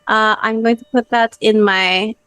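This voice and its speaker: Bright-pitched woman player, dry sound. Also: steady tone, unhurried, clear, resonant tone, no room sound. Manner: earnest, playful, defensive when teased. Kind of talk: tabletop game role-play.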